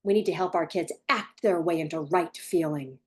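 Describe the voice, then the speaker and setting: A woman parenting coach speaks straight to the viewer in a direct advice monologue, blunt and emphatic, repeating points for stress. Her voice is fairly low and slightly rough, at a moderate pace.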